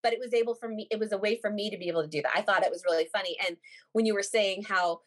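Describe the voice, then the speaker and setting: Lively fast-talking woman in her forties. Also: mid-range voice. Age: 40s. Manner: animated storyteller, laughs often, acts out quotes. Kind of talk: casual chat.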